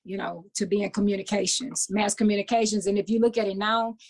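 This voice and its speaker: A woman in her fifties with a Southern Louisiana accent, talking as a guest in a casual interview, animated and often repeating words as she restarts. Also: medium pitch, fast. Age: 50s. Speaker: guest, author and minister.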